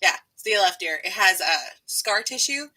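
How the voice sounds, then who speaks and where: A woman's voice: mid-range voice, animated, normal speed, bright, forceful tone, low-quality recording. A woman with a light Southern US accent hosting a casual writing live stream, bubbly and laughing often.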